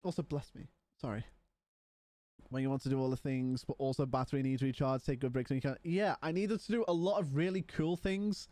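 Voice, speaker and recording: A man's voice: medium pitch, brisk, mellow, no echo. A man livestreaming from home, chatting casually and rambling while yawning and tired. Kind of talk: casual stream chat.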